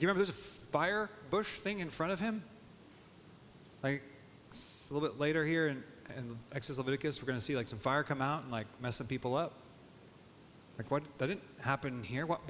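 A male pastor preaches in a loose, conversational way, peppering his sermon with "like". His voice sits a little high and rings with long reverb in a church hall. A faint noise runs beneath. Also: a bit bright. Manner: casual, conversational preaching, heavy use of "like".

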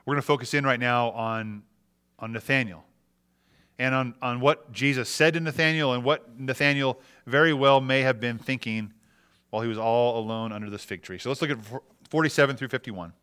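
A man's voice: medium pitch, brisk, bright, forceful tone, clear, resonant tone. A man preaching a sermon, reading scripture aloud and explaining it with frequent repetitions and restarts. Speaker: pastor.

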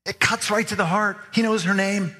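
A man's voice: high-pitched, fairly even intonation, normal speed, sharp tone. A man preaching a sermon as pastor, earnestly pressing his listeners with repeated questions. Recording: long reverb of a large hall.

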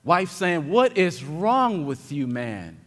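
A man preaching a sermon as pastor, dropping to quiet reflection and then building to loud, emphatic declarations. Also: on the high side, very animated, takes it slowly. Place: church sanctuary. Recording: long hall reverb.

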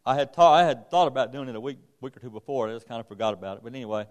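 A man's voice: mid-range voice, rapid-fire. A man giving an informal sermon, telling a rambling personal story in a folksy way with many restarts. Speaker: preacher.

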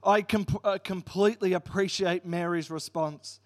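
High-voiced pastor preaching a sermon. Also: male voice, steady tone, moderate pace. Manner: earnest storytelling with Bible readings.

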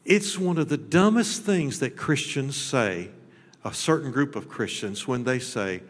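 A man preaching a sermon as pastor. His delivery is folksy and blunt, with repeated words, and it swings between shouted high peaks and low, close talk. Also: expressive, a little slow. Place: church sanctuary. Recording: long hall reverb.

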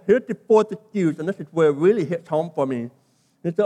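A British pastor with a high-pitched voice preaches emphatically, repeating his key phrases and stretching words to drive them home. His voice rings with a long reverb through a large hall. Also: animated, normal speed. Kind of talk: sermon.

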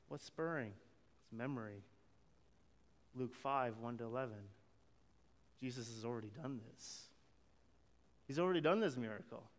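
A man's voice: medium pitch, normal speed, long pauses. A man preaching a sermon, acting out the quoted lines and chuckling now and then. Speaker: pastor. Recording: long hall reverb.

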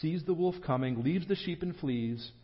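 Guy preaching, kinda high voice, emphatic, dull muffled church tape. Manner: earnest, emphatic preaching with quick laughs. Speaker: pastor. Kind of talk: sermon. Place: church sanctuary.

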